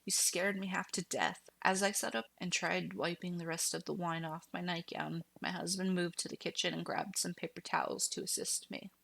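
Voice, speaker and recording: Gravelly low-voiced woman narrating horror. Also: steady tone, normal speed, few pauses, a bit bright.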